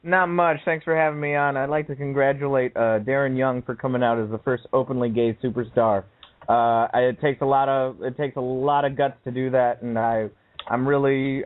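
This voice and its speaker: A man joins a casual chat as a guest, speaking earnestly with a few halting restarts. His mid-pitched voice sounds thin and tinny, like a phone line. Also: fairly even intonation. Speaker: guest panelist. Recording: tinny call audio.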